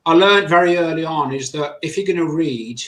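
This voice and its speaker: A man's voice: a little high, a little fast. A man with an English accent, a podcast guest, telling his stories animatedly and acting out other people's quotes. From England. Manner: animated storyteller who acts out quotes. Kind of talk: conversational storytelling. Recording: roomy echo.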